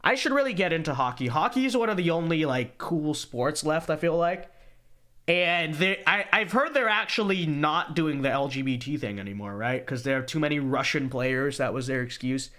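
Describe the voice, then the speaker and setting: A man's voice: a little high, lively intonation, normal speed, pushed and bright. A young man hosting a podcast livestream, chatting casually and reading viewer messages with joking, sarcastic asides, tired but talkative. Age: young adult. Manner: joking, sarcastic, repeats catchphrases. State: fatigued. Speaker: podcast host. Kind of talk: casual livestream chat reading super chats.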